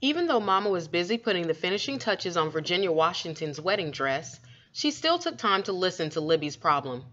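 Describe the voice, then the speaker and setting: A woman reading a children's story aloud with expressive, lively storytelling. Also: fairly low pitch, brisk. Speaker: storybook reader. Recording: dull lo-fi recording.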